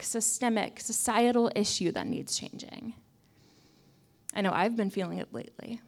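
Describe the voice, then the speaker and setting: A young adult woman preaching a conversational sermon in a wry, self-mocking way, often dropping to soft asides. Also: mid-range voice.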